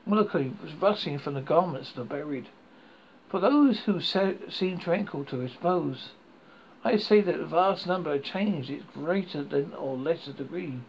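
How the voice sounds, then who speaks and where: A man reading a horror story aloud, halting and often stumbling over words, on a dull lo-fi recording. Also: a little high, a little hiss or hum. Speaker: horror podcast host and reader.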